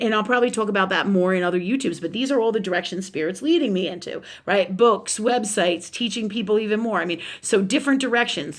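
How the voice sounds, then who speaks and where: A woman spiritual teacher talking casually in a live stream, animated and profane, with many fillers and asides. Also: mid-range voice.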